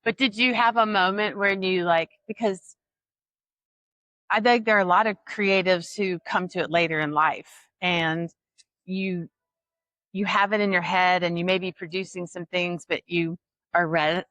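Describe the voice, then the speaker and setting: A woman's voice: on the low side, fairly even intonation, a little slow, dry recording. A woman hosting a podcast interview, asking reflective questions in a casual, encouraging way. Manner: warm encouraging backchannels, thoughtful questions. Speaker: podcast host.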